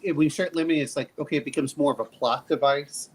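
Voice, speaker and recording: A man with a fairly high voice chats casually about tabletop games. He talks haltingly, restarting and repeating words before he gets to his point. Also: a little hiss or hum, rough recording. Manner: halting, many false starts and repetitions.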